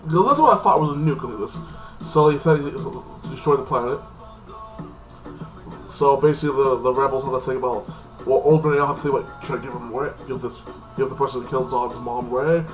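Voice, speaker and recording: A man's voice: medium pitch, rough recording. A man giving a loose, rambling recap of a TV episode, stacking up filler phrases as he goes. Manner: loose, repetitive, heavy on "like this" fillers. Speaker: TV episode reviewer.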